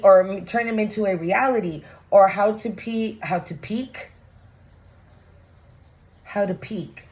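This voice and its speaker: In a rough recording, a woman with a medium-pitched voice gives her viewers a casual tarot reading. She's chatty and blunt, swearing freely and using slang.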